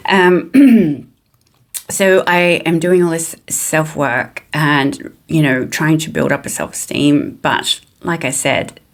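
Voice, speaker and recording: A woman's voice: low-pitched, takes it slowly. A middle-aged woman telling a personal story in a chatty, self-deprecating way with many fillers. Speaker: vlogger.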